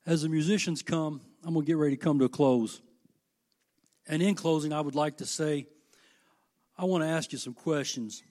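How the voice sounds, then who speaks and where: A middle-aged man preaching a sermon, folksy and impassioned, moving between hushed asides and loud, emphatic peaks. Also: a little high, normal speed, pauses often.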